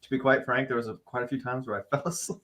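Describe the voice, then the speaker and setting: A man's voice: medium pitch, fairly even intonation, very fast, fairly bright tone. A man chatting casually on a podcast panel, blunt and joking, swearing freely. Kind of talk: casual group chat.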